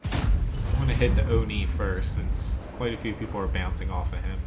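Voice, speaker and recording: A lowish, fairly even male voice at normal speed narrates a live game stream against a noisy background. The speaker, an American-accented man from South Jersey, is laid-back and chatty, fielding questions from chat between plays.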